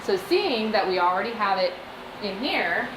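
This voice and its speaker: A woman's voice: medium pitch, very animated, moderate pace, echoey room, background noise. A woman hosting a casual cooking show, explaining each step in a chatty, instructive way.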